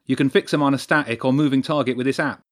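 A man voicing a young, wiry male lighting technician who talks fast and shows off his gear. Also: medium pitch, fairly even intonation, voice pushed up, natural voice. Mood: eager.

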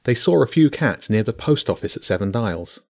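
A man narrating a bedtime story in a steady, measured way. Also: medium pitch, creaky, no room sound, clean studio sound.

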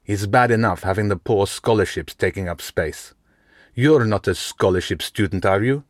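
A man's voice: fairly low pitch, normal speed, dry recording, studio quality, lightly acted. A man reading an audiobook, voicing a big, scowling teenage school bully who talks with contempt. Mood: sneering.

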